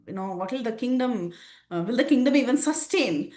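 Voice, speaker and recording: A man's voice: extremely high pitch, animated, fairly quick, darkish tone, pitched above the performer's own voice. A woman voicing a giant male demon warrior who speaks bluntly and with scorn, in a roomy, echoing space. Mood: scornful. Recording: roomy echo.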